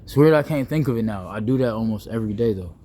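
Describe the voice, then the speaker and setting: A young man, rambling playfully in a casual vlog monologue, full of slang, restarts and deliberately wordy phrasing. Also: fairly low pitch, expressive, mellow. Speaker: vlogger.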